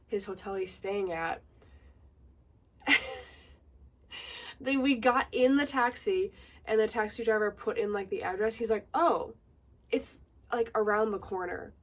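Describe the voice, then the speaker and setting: A woman's voice: on the high side, far from the mic. Chatty young woman telling a story. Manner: animated, chatty, many "like"s. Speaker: vlogger. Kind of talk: casual storytime while getting ready.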